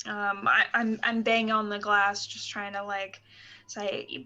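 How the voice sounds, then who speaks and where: A woman's voice: mid-range voice, little pitch movement, a little slow, sharp tone, lo-fi sound. A woman playing a tabletop game, asking questions hesitantly with lots of ums. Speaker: player.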